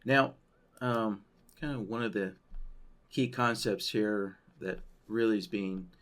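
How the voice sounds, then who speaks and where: Man, software tutorial walkthrough, unhurried, low voice, thinking aloud. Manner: loose, thinking aloud, frequent "right?" tags. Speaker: software trainer. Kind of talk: screen-share tutorial walkthrough.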